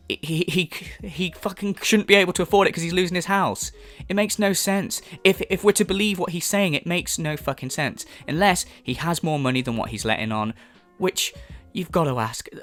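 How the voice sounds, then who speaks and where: A man's voice: a little high, a bit bright. A man hosting a commentary vlog, ranting in an exasperated, profane way with frequent repetition. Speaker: commentary channel host.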